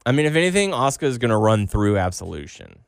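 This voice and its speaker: A man's voice: medium pitch, sing-song, fast talker, clean tone, no echo, studio quality. A man co-hosting a casual wrestling podcast, recapping matches with lots of ums and playful quotes. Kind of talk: casual chat.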